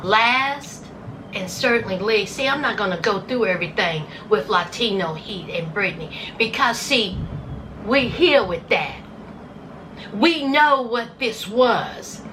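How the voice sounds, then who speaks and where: A woman's voice: medium pitch, bright, forceful tone, slight background noise, rough recording. A woman giving casual, sarcastic commentary on a reality show, acting out scenes in put-on voices.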